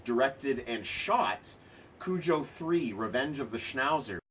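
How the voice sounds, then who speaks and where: A man's voice: medium pitch, lively intonation, slow, a bit bright, slightly rough. A man hosting a casual toy unboxing video, talking with dry, sarcastic remarks and lots of ums and uhs.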